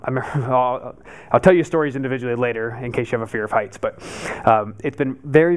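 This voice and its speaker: A man's voice: medium pitch, clean tone. A man in his thirties telling a personal story to a live group, acting out his own past panic as he goes. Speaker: meetup speaker.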